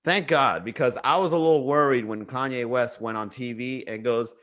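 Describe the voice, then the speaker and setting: A man's voice: mid-range voice, normal speed, fairly bright tone. A man hosting a comedy livestream, chatting casually in a rambling, jokey way and reading viewer comments aloud. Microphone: webcam or desk mic for a livestream.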